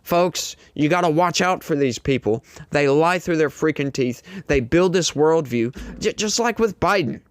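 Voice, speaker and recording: A man with a somewhat raised pitch delivers political commentary with mounting indignation. His emphatic points are recorded dry and close, with no room sound. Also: expressive, unhurried, hardly any pauses, dry recording.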